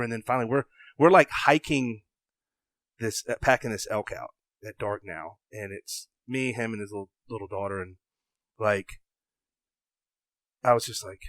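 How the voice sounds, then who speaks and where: Excitable man telling a story. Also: medium pitch, no echo. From American South. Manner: excitable, swings from loud bursts to hushed asides; acts out his own past thoughts in quoted lines. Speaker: podcast guest. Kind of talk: animated storytelling.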